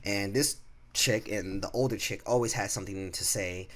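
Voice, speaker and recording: A young man telling a casual storytime vlog, rambling and animated, acting out what others said. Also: lowish voice, moderate pace. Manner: rambling, animated, acts out coworkers' lines. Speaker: vlogger.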